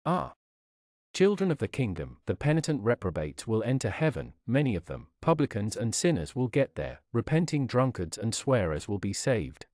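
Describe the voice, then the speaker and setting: Male sermon reader, solemn and dramatic, wide-ranging pitch, dry close sound. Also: darkish tone, dry recording. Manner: solemn, declamatory, rises and falls dramatically. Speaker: preacher. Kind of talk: reading a sermon aloud.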